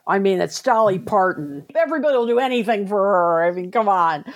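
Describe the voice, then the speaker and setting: A woman's voice: medium pitch, animated, no echo. A woman co-hosting a podcast, reacting eagerly and chatting about old songs. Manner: enthusiastic, quick to react. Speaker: podcast co-host. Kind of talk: casual chat about music charts.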